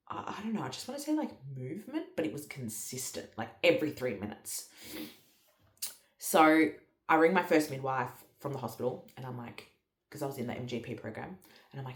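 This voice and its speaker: Low, lively woman in an echoey room. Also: a little fast. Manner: candid, swearing, acts out her own past lines. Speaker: mother telling her birth story. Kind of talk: casual storytelling vlog.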